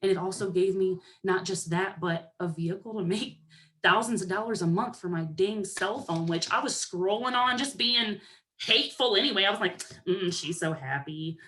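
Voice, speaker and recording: Young woman, pep talk, sassy, animated, acts out voices, mid-pitched. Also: normal speed. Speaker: motivational speaker to a sales team.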